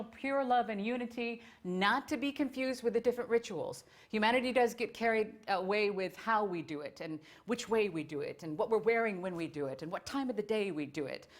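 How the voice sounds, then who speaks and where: A woman's voice: mid-range voice, fairly quick, few pauses. Enthusiastic woman giving a digressive talk. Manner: enthusiastic, digressive, many fillers. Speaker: theosophy speaker. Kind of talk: informal lecture.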